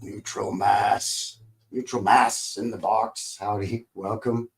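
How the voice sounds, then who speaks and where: A man's voice: on the low side, little pitch movement, takes it slowly. A man from Calgary hosting a casual livestream, joking, rambling and greeting viewers by name in a folksy way. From Calgary, Alberta, Canada. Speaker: livestream host.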